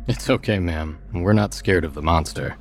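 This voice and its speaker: A man's voice: low voice, normal speed, faint music behind, natural voice. A man voicing a cheerful, matter-of-fact know-it-all teenage boy in a spoken horror story.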